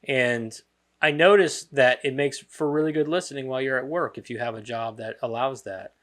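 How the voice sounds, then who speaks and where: Male podcast host, casual and meandering, flat easygoing delivery. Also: medium pitch, normal speed. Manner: rambling, self-described monotone.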